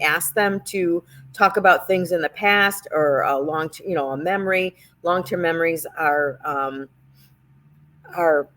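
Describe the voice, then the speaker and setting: A middle-aged woman with a somewhat low voice gives caregiving tips. She talks in a loose, conversational way, restarting sentences and leaning on fillers as she tells stories. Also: a bit bright. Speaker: nurse advocate host. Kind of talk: casual educational talk.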